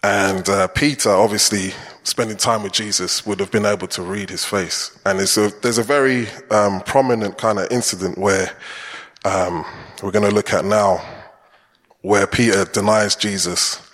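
A man's voice: lowish voice, steady tone, moderate pace, a bit bright. A man preaching a chatty, conversational sermon in a church and putting questions to the congregation. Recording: long church hall reverb.

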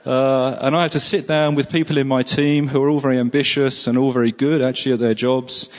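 Guy preaching a sermon, earnest, repeats himself for emphasis, lots of uhs, voice ringing round a big hall, middle pitch. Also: little pitch movement, fairly quick. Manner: earnest, repeats words for emphasis, frequent fillers. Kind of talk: sermon with prayer.

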